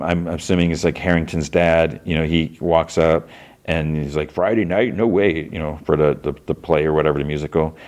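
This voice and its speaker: A man's voice: low-pitched, darkish tone. A man hosting a podcast, recapping a TV episode in a casual, rambling way, full of fillers and restarts, acting out the characters' lines. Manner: rambling, many fillers and restarts, acts out quotes.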